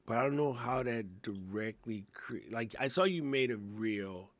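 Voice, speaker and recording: This middle-aged podcast co-host has a mid-range, expressive voice and a measured pace. He chats casually about tech and creator topics, laughing and explaining step by step.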